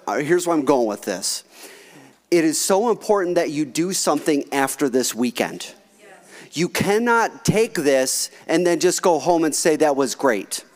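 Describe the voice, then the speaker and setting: A male pastor preaching to a congregation in a direct, conversational way. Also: fairly high pitch. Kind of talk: sermon to a live congregation.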